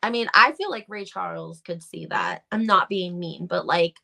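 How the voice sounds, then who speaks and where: A woman's voice: fairly low pitch, moderate pace, creaky, bright, forceful tone. A woman hosting a live-stream commentary on reality TV gossip, talking in an emphatic, gossipy way full of rhetorical questions.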